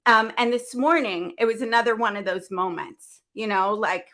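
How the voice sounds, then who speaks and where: Hosting a business event livestream, a woman speaks earnestly and from the heart, openly sharing her faith. Her emotional talk rambles with frequent restarts, delivered at a moderate pace with few pauses in a slightly bright voice.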